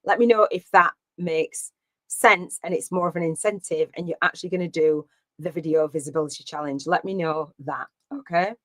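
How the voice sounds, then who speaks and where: A woman's voice: lowish voice, moderate pace, a bit bright, dry recording. A woman coaching live on a stream, chatty and rambling with many fillers and restarts. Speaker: business coach.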